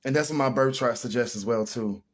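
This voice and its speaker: Man, tarot reader, emotional, rambling, earnest, medium-pitched voice. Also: a little fast. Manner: addresses viewers as y'all. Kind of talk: casual spiritual tarot reading.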